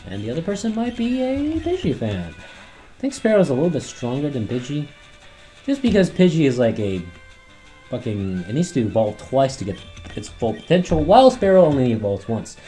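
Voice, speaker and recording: A man commentating his gameplay run, rambling and swearing often, his throat worn from yelling at the screen. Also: medium pitch, sing-song, moderate pace, soft background music. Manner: rambling, heavy swearing, talks back at the game. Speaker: let's play host.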